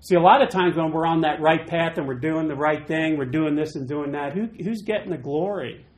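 Animated male pastor preaching. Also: fairly quick, poor audio. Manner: animated, acts out quoted voices with big jumps in pitch and loudness. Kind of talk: informal midweek sermon.

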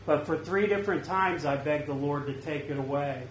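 Pastor type, man with a slightly high voice, earnest and conversational sermon delivery; echoey room. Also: normal speed, a little hiss or hum. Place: church service. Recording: roomy, faint ambience.

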